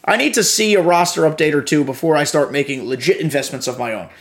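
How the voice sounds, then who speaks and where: A man's voice: fairly high pitch, quick pace. A young adult man hosting a podcast, giving loose, profane gaming commentary full of fillers. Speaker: podcast host.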